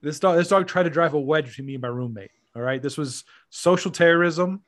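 A man telling a funny story in a casual, profane podcast chat, animated and laughing often. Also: a little high, fairly quick.

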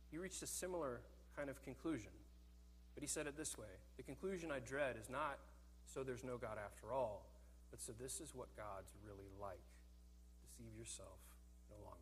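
A man preaching a sermon in an earnest, animated way, often repeating words as he thinks. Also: on the high side, big-room sound, a little hiss or hum.

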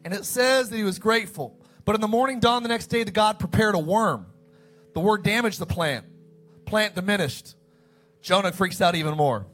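A man preaching a sermon as pastor, animated, acting out the story's dialogue in quick asides. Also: high-pitched, soft background music.

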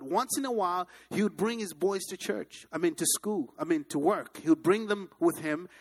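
A male preacher with a high, husky voice delivers a sermon. He tells his stories with animated energy and calls on the congregation to repeat his words back to him. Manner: animated storytelling, leads the congregation in repeating phrases. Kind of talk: sermon with storytelling.

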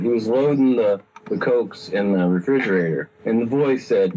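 A man's voice: fairly low pitch, normal speed, few pauses, warm tone, highs cut off, slight background noise. A young man telling a story in casual chat, rambling, cursing and laughing often. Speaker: guest storyteller.

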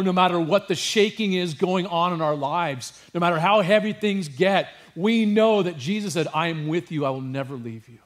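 A man preaching a sermon with passion, dropping to a hush and rising to emphasis, with casual asides to his congregation. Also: fairly high pitch. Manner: passionate, swings from hushed to emphatic. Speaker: pastor.

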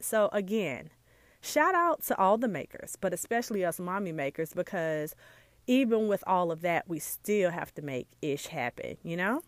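A woman's voice: a little high, dry recording. A woman hosting a casual solo podcast, a jewelry maker talking earnestly and chatting straight to her listeners with lots of asides. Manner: earnest and heartfelt.

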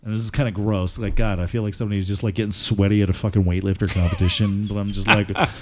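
A man's voice: lowish voice, level tone, fast. A man in his thirties from Alberta, a podcast host telling rambling stories with lots of swearing and laughing, a bit drunk. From Alberta, Canada. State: tipsy from drinking. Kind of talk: casual podcast chat.

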